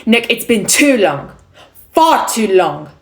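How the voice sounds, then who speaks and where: A woman's voice: medium pitch, big pitch swings, slow pace, voice pushed up. A young woman rehearsing the part of a snobbish society wife with an attempted New York accent, drawn out and wistful. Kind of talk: line rehearsal for a school play.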